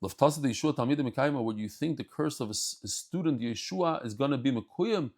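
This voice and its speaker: A man giving a daily Talmud lesson, telling the stories in an animated way and mixing English with Hebrew and Yiddish terms. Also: mid-range voice, quick pace. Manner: animated storytelling, acts out scenes. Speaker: Talmud teacher.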